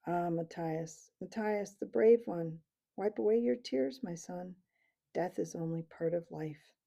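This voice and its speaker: A woman reading the part of a dying old male abbot mouse, speaking slowly and tenderly. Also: lowish voice, vocal fry, warm tone. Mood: gentle, fatherly. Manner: slow, tender, fatherly.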